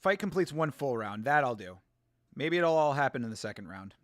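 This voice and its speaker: A man hosting a casual live watch-along, talking in an animated, profane and sarcastic way and laughing often. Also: medium pitch, fairly quick, no echo, clean studio sound. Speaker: show host.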